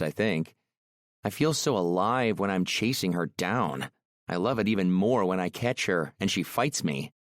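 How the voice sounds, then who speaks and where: Low calm man narrating romance. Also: dry recording, clean studio sound. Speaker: audiobook narrator. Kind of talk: first-person romance audiobook narration.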